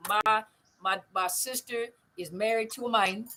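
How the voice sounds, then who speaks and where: A woman's voice: medium pitch, fairly even intonation, measured pace, pushed and bright, slight background noise, rough recording. A middle-aged woman hosting a casual live stream, talking emphatically, repeating her points and often asking if you see what she means. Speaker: host of a live stream on narcissistic abuse recovery. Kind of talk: casual live stream talk answering comments.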